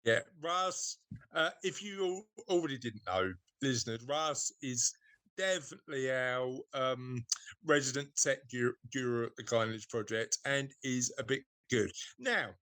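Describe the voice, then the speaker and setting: A man's voice: medium pitch, a little slow, pushed and bright, no room sound. An English man hosting a podcast, teasing his co-hosts in casual banter and laughing often. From Britain. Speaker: podcast host. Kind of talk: casual chat.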